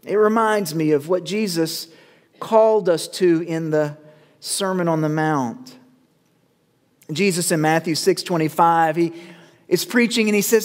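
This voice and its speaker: A male pastor preaching a sermon, measured with dramatic pauses, building to urgent calls. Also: fairly high pitch. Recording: long reverb of a church hall.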